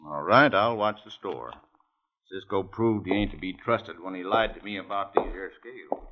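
An actor playing a stern small-town sheriff with a blunt, folksy, authoritative manner, in a 1950s radio drama. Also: male voice, low voice, normal speed, lo-fi sound. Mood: gruff.

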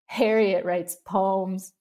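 A woman reading aloud, voicing a teasing young boy who mocks his playmate, in a loud, drawn-out way. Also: medium pitch, vocal fry. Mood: mocking. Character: giggling mocking young boy.

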